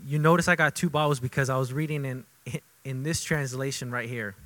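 A man preaching a sermon as pastor, conversational and repetitive for emphasis, moving between loud emphatic bursts and quiet intimate asides. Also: mid-range voice, steady tone, a little fast, rough recording. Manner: conversational, repeats himself for emphasis.

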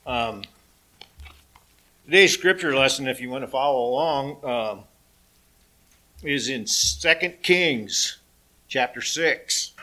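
A man preaching a sermon, reading scripture aloud and telling the story with animated, dramatic voice changes. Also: mid-range voice, slow pace, pauses often. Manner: animated storytelling, raising and dropping his voice for effect. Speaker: pastor.

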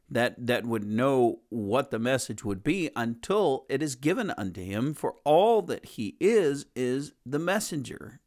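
A man gives a conversational sermon in a mid-range voice. He talks earnestly and plainly, circling back over his words as he builds each point. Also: medium pitch. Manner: earnest, plain-spoken, repeats and restarts phrases. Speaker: preacher.

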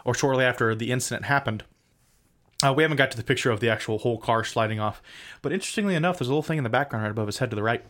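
A male podcast co-host talking through a case in loose, casual chat. He rambles, restarts and cracks self-deprecating jokes. His pitch sits in an ordinary middle range. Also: rapid-fire, fairly bright tone.

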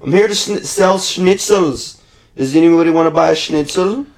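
A man's voice: fairly high pitch, normal speed, voice pushed up, close to an everyday voice. A man putting on a cheerful old sausage seller. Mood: cheery. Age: 60s. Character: cheerful older male sausage vendor, friendly.

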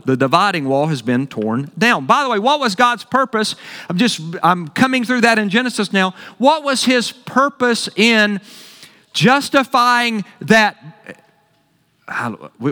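Excited preacher man in an echoing hall. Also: high-pitched. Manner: enthusiastic, exclaiming with delight. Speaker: pastor. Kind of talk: sermon.

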